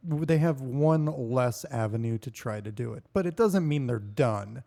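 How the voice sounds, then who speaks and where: A man co-hosting a casual podcast chat, talking in a halting, thoughtful way. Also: mid-range voice, expressive, gravelly, mellow. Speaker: podcast co-host.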